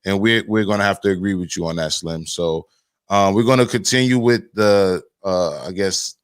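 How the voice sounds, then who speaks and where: Low-voiced easygoing male host. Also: normal speed, smooth, no room sound. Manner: easygoing, runs the segments, reads comments. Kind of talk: casual podcast chat.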